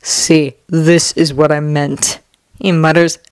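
A woman voicing a tired, gruff male teacher who talks in a flat, muttering way. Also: deep voice, moderate pace, a little hiss or hum, voice pushed down. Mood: weary flat.

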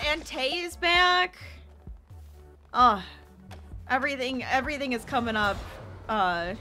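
Brief: a young woman hosting a game stream; excitable, quick to cheer, fairly high-pitched. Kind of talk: let's-play commentary.

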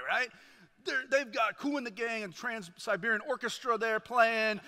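Lively high-voiced man preaching in a church hall. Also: normal speed. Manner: animated, calls to the congregation with "right?". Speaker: guest preacher, chaplain. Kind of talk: energetic sermon retelling a parable. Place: church sanctuary. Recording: long hall reverb in a church.

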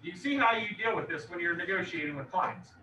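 A male real estate instructor giving an animated classroom lecture and quizzing his students by name. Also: sits high, quick pace, slight background noise. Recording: echoey classroom from far off, dull.

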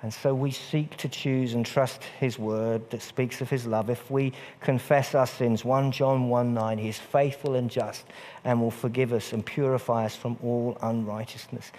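A man's voice: mid-range voice, fairly even intonation, moderate pace, a little mellow, slight background noise. A man preaching a sermon in a church, earnest and repeating phrases for emphasis. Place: church hall. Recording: long church reverb.

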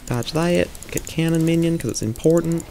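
A man's voice: a little high, moderate pace, gravelly, dark tone, slight background noise. A man giving casual live commentary on his own gameplay, thinking aloud as he plays.

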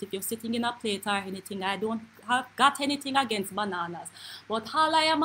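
A woman with a Jamaican accent playing a brash, gossipy auntie, telling stories in a lively comic monologue with quick asides. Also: fairly high pitch, slight background noise, close to an everyday voice, rough recording. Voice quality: animated patois storytelling, quick asides. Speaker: comedy character host. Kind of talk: live comedic monologue.

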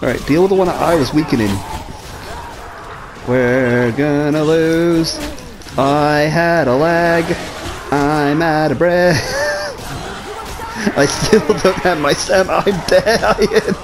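Slow-talking excitable gamer guy. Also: on the high side, noisy background. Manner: excitable, swearing, laughing. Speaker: gamer playing co-op. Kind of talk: casual gaming chat.

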